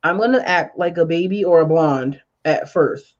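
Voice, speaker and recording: Lively woman radio host, lo-fi audio. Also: on the low side, normal speed. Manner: animated, acts out quoted dialogue. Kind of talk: casual interview storytelling. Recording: dull lo-fi audio.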